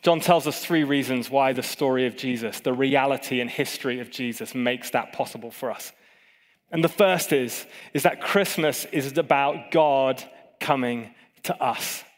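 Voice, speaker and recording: A man's voice: mid-range voice, normal speed. A middle-aged British man giving a sermon as a pastor, telling a personal story in a conversational, self-deprecating way. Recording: long reverb of a large hall.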